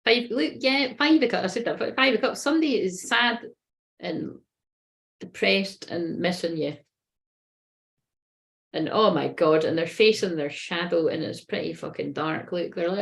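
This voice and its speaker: A woman's voice: medium pitch, moderate pace. A woman running a casual live tarot reading. She talks in a rambling, sweary way and often breaks into giggles. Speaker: tarot reader.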